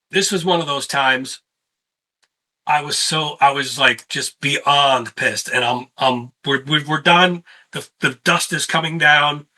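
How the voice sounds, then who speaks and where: A man hosting a casual sit-down conversation and telling lively tour stories. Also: medium pitch, rough recording. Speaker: host; touring musician.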